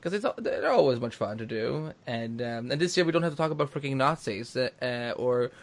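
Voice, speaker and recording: A man's voice: mid-range voice, animated, brisk. Rambling male podcast host. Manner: rambling, many restarts and fillers. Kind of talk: casual podcast chat.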